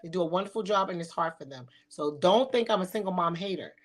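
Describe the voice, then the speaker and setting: Talking fast in a lowish, expressive voice, a middle-aged woman podcast host delivers provocative casual talk. She hosts her talk show bluntly and sassily, swearing often.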